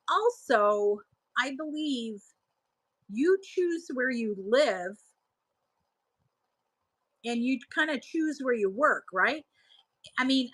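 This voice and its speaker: A woman's voice: high voice, fairly bright tone, rough recording. A woman in her thirties hosting a live selling stream, chatting casually and laughing as she answers viewers' comments.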